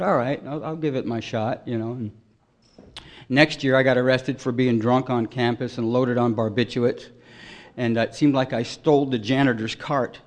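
A middle-aged man sharing his recovery story at a meeting, rambling and self-deprecating, filling every pause with "you know.". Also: mid-range voice. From Detroit, raised in California. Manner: wry, self-deprecating humor. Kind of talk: AA share, storytelling.

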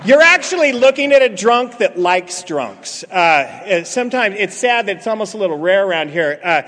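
A man's voice: high voice, very animated, normal speed, a bit bright, slight background noise. A middle-aged man telling funny stories to a meeting, acting out bits of dialogue and joking with the crowd. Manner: joking, storytelling, acts out dialogue. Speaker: speaker at a recovery meeting. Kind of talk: humorous recovery talk to an audience. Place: meeting hall. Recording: reverberant hall, audience laughter.

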